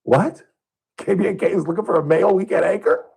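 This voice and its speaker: Man, radio host, husky voice, animated storyteller, speaks from a studio. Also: fast. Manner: animated, acts out his own outbursts with big pitch jumps. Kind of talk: casual storytelling monologue.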